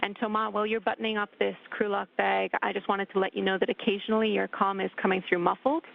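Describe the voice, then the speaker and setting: A woman's voice: mid-range voice, little pitch movement, quick pace, vocal fry. A woman from Canada working as spacewalk communicator, precisely reading back technical calls over the radio. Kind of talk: mission control radio calls. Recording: tinny radio link with static hiss.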